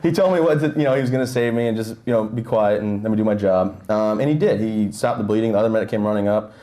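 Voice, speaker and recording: A man's voice: on the low side, fast, mellow. A young man speaking to a breakfast audience, telling personal stories in a joking, conversational way with lots of fillers, close on a handheld mic. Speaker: guest speaker. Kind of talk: motivational talk to an audience. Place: breakfast event hall. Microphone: handheld mic held close, audible nose breathing.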